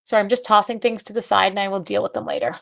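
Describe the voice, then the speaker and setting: Gravelly-voiced chatty woman crafting live. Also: mid-range voice, very animated, quick pace, fairly bright tone. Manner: chatty, talks to live viewers while working. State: short on sleep. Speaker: craft video host. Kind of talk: live craft-along chat.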